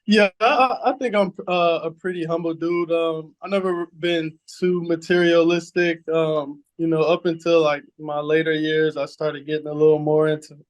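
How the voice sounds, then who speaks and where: Bay Area man in his thirties, easygoing storyteller voice, a bit high, podcast guest. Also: moderate pace, few pauses. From San Francisco Bay Area. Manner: relaxed storyteller, repeats words, acts out quoted voices. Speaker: guest, former pro football player. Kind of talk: casual storytelling interview.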